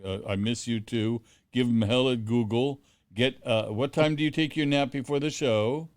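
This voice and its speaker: A middle-aged man hosting a podcast, talking with effusive warmth and stammering restarts. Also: mid-range voice, fairly even intonation, normal speed, clear, resonant tone, dry recording. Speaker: podcast host. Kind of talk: warm casual phone interview.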